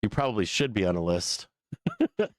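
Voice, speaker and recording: A man's voice: on the low side, wildly swooping pitch, normal speed, dry recording. A man hosting a live show, ranting casually in a rambling, profane way and laughing often between points. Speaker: livestream host.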